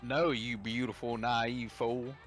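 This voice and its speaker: Man doing a Southern-accented bat rebel, theatrical lover, slow drawl, music bed. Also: medium pitch, level tone, lightly acted. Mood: conspiratorial. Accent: put-on Southern US. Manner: grand, theatrical declarations. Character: scheming male bat monster, rebel, melodramatic lover. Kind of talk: voicing a game character on stream.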